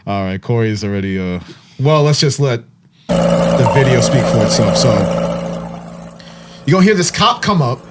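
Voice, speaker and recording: Animated man recapping sports news. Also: mid-range voice, moderate pace, long pauses, background noise. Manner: animated storytelling, frequent fillers. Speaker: podcast host. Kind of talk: casual sports talk.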